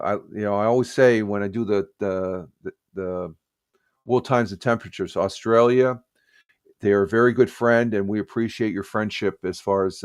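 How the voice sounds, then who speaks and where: A man hosting a casual morning live stream, rambling with many fillers and restarts as he gives friendly shout-outs to viewers. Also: on the low side, no echo, clean studio sound.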